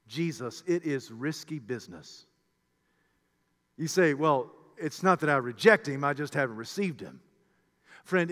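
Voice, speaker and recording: Male preacher, impassioned sermon delivery, bright cutting voice, hall reverb. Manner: impassioned, swinging between shouted peaks and hushed low passages.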